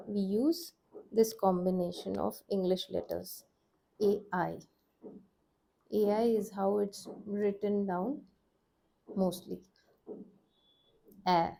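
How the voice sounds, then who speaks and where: A young woman gives a step-by-step lesson at an unhurried, deliberate pace. Her voice is soft and mellow, with a light gravelly edge at the ends of phrases. She repeats every sound patiently so the listener can follow along. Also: medium pitch. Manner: patient, repeats each sound several times. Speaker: language teacher.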